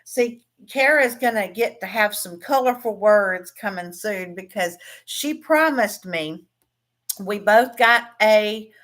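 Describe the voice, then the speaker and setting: A woman's voice: medium pitch, expressive, takes it slowly, fairly bright tone. A woman, hosting a casual livestream, chatting with viewers about crafting, laughing often and trailing off into restarts. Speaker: craft livestream host and teacher. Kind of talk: casual livestream chat reading comments.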